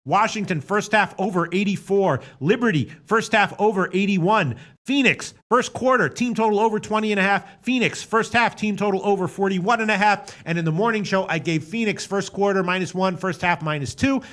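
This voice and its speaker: A man hosting a sports betting show, running through his picks in excitable, profane casual chat. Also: high-pitched, normal speed.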